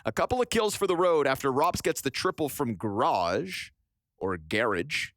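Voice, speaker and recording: A man calling live esports play-by-play with animated, vivid commentary. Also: mid-range voice, moderate pace, no room sound, clean studio sound.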